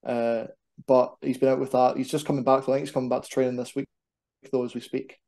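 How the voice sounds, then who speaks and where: A young Scottish man chatting animatedly as a wrestler guest on a podcast. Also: mid-range voice. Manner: animated, quick to banter. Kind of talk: casual podcast chat.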